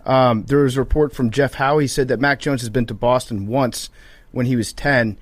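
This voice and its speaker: A man's voice: medium pitch, fairly even intonation, moderate pace, no echo. Wry male co-host with a mid-range voice who teases his way through casual sports talk, recorded dry. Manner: wry, teasing banter. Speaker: podcast co-host.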